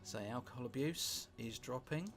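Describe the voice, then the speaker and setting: British man, gravelly low voice, rambling wry game commentary, swears in asides, music playing underneath. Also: moderate pace. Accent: British English. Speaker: gameplay commentator. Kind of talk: casual let's-play commentary.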